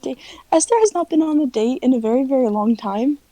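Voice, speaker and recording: Playful high-voiced woman player. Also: expressive, fast talker, dark tone, no echo, rough recording. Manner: laughing, swearing, playful. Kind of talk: casual tabletop play.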